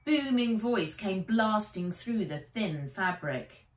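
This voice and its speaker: A woman author reading her children's book aloud in an expressive, animated way, recording in a small shed. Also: medium pitch, slow. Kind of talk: storybook read-aloud. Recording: echoey room, mic a bit distant.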